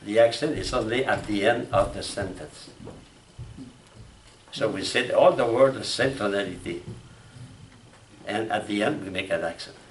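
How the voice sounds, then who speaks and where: A man from France with a French accent, giving a classroom lecture on logic, speaking haltingly with restarts and asking "huh?" and "you know?". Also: fairly low pitch. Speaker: logic instructor. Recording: echoey room from far off, faint noise.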